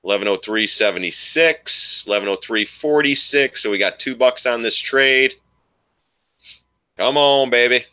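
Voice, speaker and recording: A man's voice: on the low side, normal speed, hardly any pauses, bright, forceful tone, no room sound. A man giving casual live commentary on his stock trades, rambling and thinking aloud as he talks to his viewers. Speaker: stock trading streamer.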